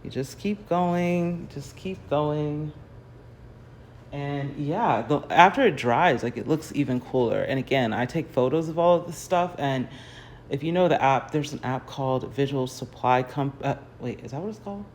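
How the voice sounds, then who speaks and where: A woman's voice: a bass voice, animated, normal speed, a little hiss or hum. An American woman in a casual, rambling livestream chat from her home garage. She laughs often and uses lots of fillers as she paints. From United States. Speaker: artist hosting a livestream. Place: home garage, early morning. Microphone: phone livestream.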